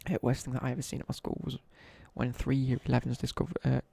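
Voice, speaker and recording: A young man with a British accent talks fast in a monotone, his medium-pitched voice mellow and husky with vocal fry. Between gaming moments on his live stream he shares chatty, slang-filled laddish stories from school.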